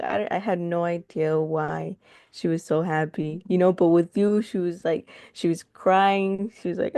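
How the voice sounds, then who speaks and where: A woman's voice: on the low side, fairly even intonation, moderate pace, mellow, clean tone, no room sound. A young woman co-hosting a podcast, telling a story in a rambling way with fillers and laughs. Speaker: podcast co-host. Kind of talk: casual chat.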